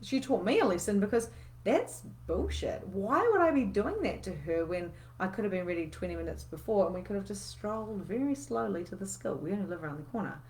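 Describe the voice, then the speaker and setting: A woman's voice: medium pitch, expressive, fairly quick, a little mellow. A woman, coaching in a casual, candid live session where she swears freely and reads out viewer comments.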